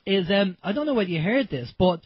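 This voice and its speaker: Irish male radio host, husky higher voice, dry dull lo-fi sound, chatty and rambling. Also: animated, brisk, no room sound. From Ireland. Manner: chatty, rambling, many fillers. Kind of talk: casual radio talk.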